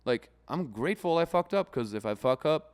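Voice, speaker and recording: Clear and resonant, this medium-pitched male voice moves fairly quickly. He co-hosts a podcast, chatting casually and profanely with an animated style, and frequently does voices of other people.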